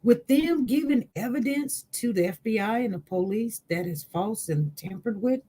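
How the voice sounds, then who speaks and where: A man with a high, mellow voice hosts a relaxed conversation. He keeps it simple, asking short questions and nudging his guest along. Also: normal speed, slightly rough, poor audio. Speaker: host. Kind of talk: casual interview chat.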